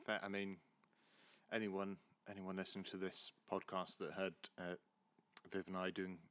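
A man with a Southwest London accent hosts a relaxed podcast chat. His voice is fairly low, and he fills his sentences with ums and lets them fade off quietly. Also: normal speed. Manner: friendly, with many ums and uhs, trailing off quietly. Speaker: podcast host. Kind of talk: casual chat.

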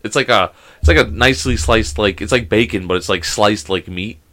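A man's voice: fairly low pitch, fairly quick, bright, forceful tone. A young man co-hosting a casual podcast, telling rambling stories full of swearing and impressions of his friends. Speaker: podcast co-host. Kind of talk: casual chat, storytelling.

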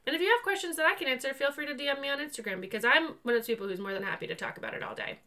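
A young woman co-hosting a podcast in casual chat, bubbly and quick to laugh. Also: high-pitched, animated, sharp tone. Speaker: podcast co-host.

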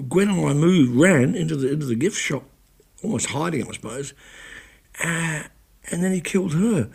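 A man's voice: fairly high pitch, vocal fry, darkish tone, breathy edge. A man, a radio broadcaster, recounting events in a rambling, self-correcting way with blunt swearing. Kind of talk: casual spoken recollection.

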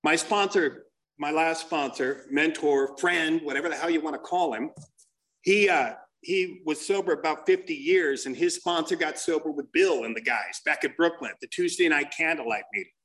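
Sharing with a recovery group, a man tells blunt, profane stories as an animated storyteller. His pitch is fairly high and his pace moderate.

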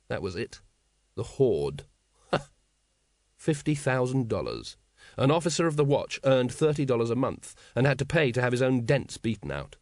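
A man narrating a comic fantasy audiobook in a wry, measured way. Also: mid-range voice, no room sound, studio quality. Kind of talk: scripted narration.

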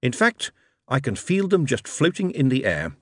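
A man voices a glib, breezy charmer with a mid-range, fairly bright voice, huge pitch swings, and a moderate pace. The sound is clean studio audio with no room sound, and the voice is pushed up.

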